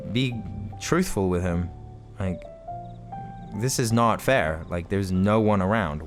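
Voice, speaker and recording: A man talks through a video game in casual, rambling commentary, joking and laughing as he plays. His pitch moves a lot, and faint game music runs underneath. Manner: rambling, jokey, laughs often. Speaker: let's play host.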